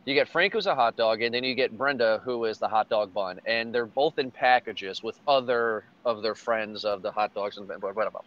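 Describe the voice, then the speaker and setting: Excitable man on a lo-fi podcast. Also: fairly low pitch, moderate pace, few pauses. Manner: excited, swears freely, laughs often. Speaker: podcast host. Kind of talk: casual chat.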